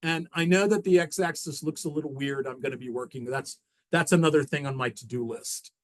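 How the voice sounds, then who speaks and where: A man's voice: on the high side, rough recording. Man presenting slides at a seminar. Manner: halting, frequent restarts and fillers while walking through slides.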